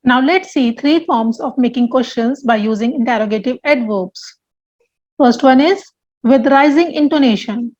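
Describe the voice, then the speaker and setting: A woman teaching French grammar to learners, explaining slowly and repeating each example sentence. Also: a little high, darkish tone, lo-fi sound.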